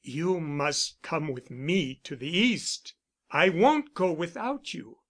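A man's voice: fairly high pitch, lively intonation, slow, a bit bright, exaggerated voice. A man reading the part of a persuasive, insistent suitor who speaks with urgent, coaxing force.

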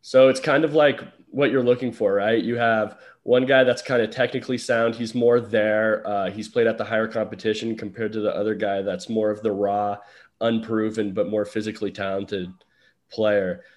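Guest sports writer, male, lowish voice, relaxed and analytical. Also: normal speed. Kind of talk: casual sports podcast chat.

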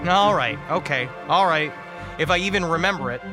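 A man's voice: fairly high pitch, animated, normal speed, music in the background, lightly acted. A man voicing a nervous male office worker who talks hesitantly and stammers.

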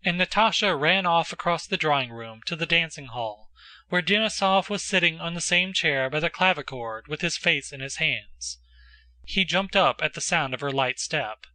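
A male audiobook narrator with a measured storytelling delivery. His voice is bright and a little high-pitched, recorded close and dry with no room sound. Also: expressive, no echo. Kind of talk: scripted narration.

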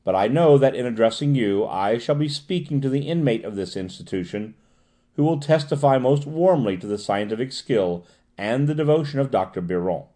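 A man reading the part of a polite, learned professor in an audiobook, gentle and formal. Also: mid-range voice, animated, moderate pace, close to an everyday voice. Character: courteous learned male professor.

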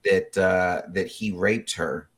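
A man in his forties with a husky voice, chatting casually as a podcast co-host, rambling with many fillers and animated bursts. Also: low voice, takes it slowly. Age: 40s. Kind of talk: casual chat.

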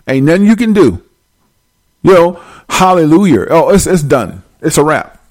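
A man delivering a profane, preachy comedic rant straight to his viewers. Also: a little high.

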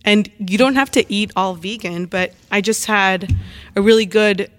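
Podcastgast: vrouw met Mexicaans accent, droge opname, spreekt uitgebreid en zonder omwegen. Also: female voice, mid-range voice, normal speed, no echo. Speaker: guest, restaurant professional. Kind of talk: casual chat.

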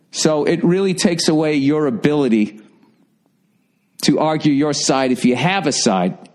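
A middle-aged male host answers listener letters in a casual advice rant that is blunt, rambling and heavily profane. His voice is mid-range and a little mellow.

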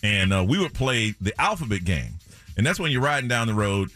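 A man's voice: fairly low pitch, big pitch swings, brisk, fairly bright tone, faint music behind. A man hosting a morning radio show, chatting casually and laughing often. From Charlotte, USA. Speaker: radio host.

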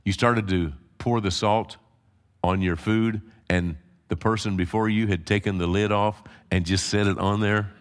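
A man preaching a conversational sermon to his congregation, swinging between quiet asides and loud emphatic peaks, teasing the crowd. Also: on the low side, fairly even intonation, normal speed, clean tone. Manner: teasing the congregation, frequent fillers and restarts. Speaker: pastor. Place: church sanctuary before a live congregation.

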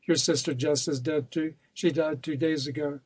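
A man's voice: a little high, steady tone, normal speed, a little mellow, husky, dry recording. Male narrator voicing a ruthless storybook villain: cold, insistent, wheedling; dry close recording. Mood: villainous. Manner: cold and insistent, turning coaxing. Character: scheming, ruthless male villain, pleading and menacing.

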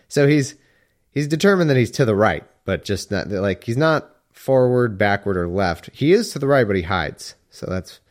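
A man reading old scripture aloud slowly, breaking off for irreverent, wry asides. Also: medium pitch, expressive.

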